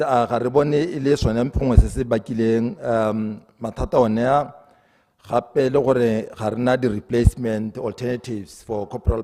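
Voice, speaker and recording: A man's voice: mid-range voice, a little mellow, in a large hall. A man, a government minister, answering questions in parliament with many hesitations and switches into English. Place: parliament chamber.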